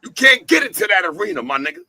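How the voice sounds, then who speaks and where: A man's voice: very high voice, sing-song, quick pace, gravelly, sharp tone, low-quality recording. A man hosting his company's talk show, preaching in a profane, fired-up way and hammering points home with repeated lines and rhetorical questions. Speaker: host, head of an entertainment company.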